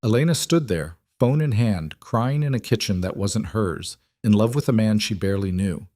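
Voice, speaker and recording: A man narrating a scripted romance story in an even, measured way. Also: lowish voice, no echo, clean studio sound.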